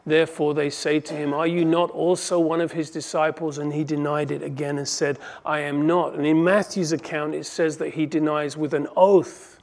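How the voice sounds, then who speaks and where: Man preaching, kinda high voice with some gravel, goes from punchy to quiet. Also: little pitch movement, moderate pace, hardly any pauses. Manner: shifts from emphatic to hushed, reads scripture aloud. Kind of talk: expository sermon.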